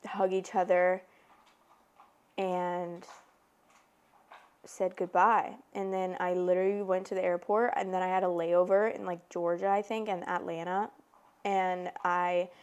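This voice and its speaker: A woman in her twenties, hosting a podcast, telling a personal story in casual chat, full of "like" and lively retold dialogue. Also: mid-range voice. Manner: chatty, frequent "like", animated retellings. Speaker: podcast host.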